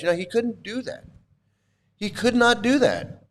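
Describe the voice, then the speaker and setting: A middle-aged man with a high-pitched voice, ranting in fury. He repeats himself, swears hard and sounds bitter and worked up. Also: animated, normal speed, a little hiss or hum. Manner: furious, repetitive, swearing, bitter. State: angry, voice breaking at times. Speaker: channel host, cult critic. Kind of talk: angry monologue to camera.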